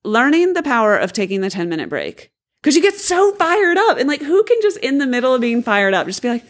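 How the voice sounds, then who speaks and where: A woman's voice: a little high, wildly swooping pitch, a little fast. A middle-aged woman co-hosting a casual chat with her husband, playful and fiery, laughing often. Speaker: podcast co-host. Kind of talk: casual married-couple chat.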